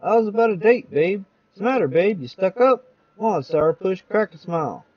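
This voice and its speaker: A brash young catcaller, as a man puts him on wheedles in slang with a raised, lively voice. The sound is dry and lo-fi. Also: high-pitched, brisk, no room sound.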